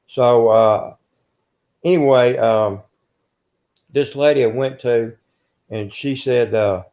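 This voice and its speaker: Gravelly older man telling rambling stories. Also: mid-range voice, steady tone, measured pace. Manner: rambling, self-interrupting, gruff storytelling. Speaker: interviewee. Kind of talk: casual storytelling. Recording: dull lo-fi recording.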